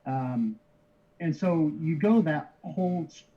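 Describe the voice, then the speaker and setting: A middle-aged man telling his story as an interview guest, casually, with lots of restarts and easy chuckles. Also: on the high side. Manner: halting, many restarts, easygoing chuckles. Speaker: interview guest, card shipper. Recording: slightly dull lo-fi audio.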